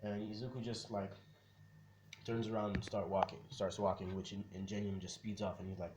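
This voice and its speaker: A man's voice: fairly low pitch, little pitch movement, a little fast, a little mellow, slight background noise. Laid-back man rambling through a fan story. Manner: rambling, slangy, swears freely. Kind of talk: casual fan-story retelling.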